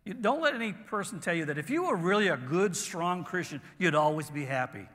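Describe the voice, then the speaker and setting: A pastor preaches in a high, bright voice with lively intonation, earnest but halting, pausing and restarting phrases. Every word trails off into the long reverb of the church sanctuary.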